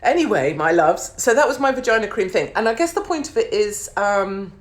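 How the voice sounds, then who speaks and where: A woman's voice: medium pitch, very animated, fairly quick. A middle-aged woman hosting her own show, delivering a brash, mocking comedic monologue to camera, swearing casually and calling her viewers darlings. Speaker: show host.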